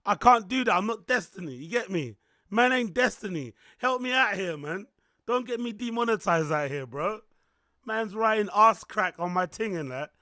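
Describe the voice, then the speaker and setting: A male streamer host, chatting casually and playfully with his stream chat. His voice is hoarse and rough, like a smoker's. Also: high-pitched, lively intonation, normal speed, no room sound, studio quality. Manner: loud playful banter with chat.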